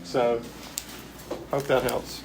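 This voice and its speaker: Man, AA speaker, reflective, easygoing, mid-pitched voice. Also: level tone, extremely slow, noisy background. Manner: reflective, plain-spoken, easygoing. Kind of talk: recovery talk at a retreat. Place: retreat gathering.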